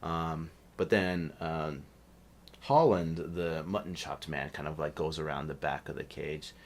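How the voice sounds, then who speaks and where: A man narrating as game master of a tabletop game, talking in a relaxed way and laughing often. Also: a bass voice, measured pace.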